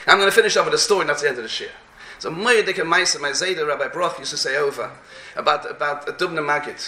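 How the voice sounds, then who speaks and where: Animated high-voiced man preaching. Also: fast, reverberant. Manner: animated, repeats phrases, mixes in Hebrew and Yiddish terms. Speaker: rabbi giving a talk. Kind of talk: sermon with storytelling.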